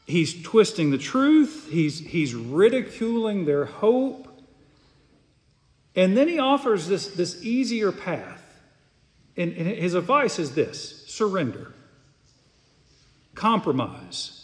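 Slow, lively preaching man in a hall. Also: sits high. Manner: earnest, repeats words, emphatic preaching. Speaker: pastor. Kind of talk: sermon. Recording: long hall reverb.

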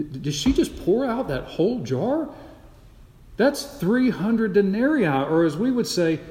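Gasping gossip at a feast, voiced by a preacher, high and lively, echoey hall. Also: male voice, heavily acted. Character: gossiping male party guest, astonished.

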